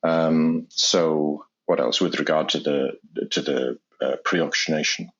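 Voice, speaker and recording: A very low, gravelly male voice with a husky edge, heard over a dull, lo-fi recording. He is an anesthesiologist explaining his methods in a measured, careful way, often repeating a word as he restarts a sentence. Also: steady tone, a bit bright. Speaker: anesthesiologist guest. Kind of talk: explanatory interview talk. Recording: dull lo-fi sound.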